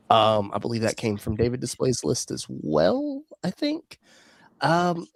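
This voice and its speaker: A man with a lively, up-and-down voice and a dry, close sound. He chats casually on a toy livestream, sighing with exasperation and filling pauses with ums. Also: medium pitch, gravelly, dry recording. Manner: casual and exasperated, lots of fillers and sighs. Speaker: toy collecting livestream co-host. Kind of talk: casual chat.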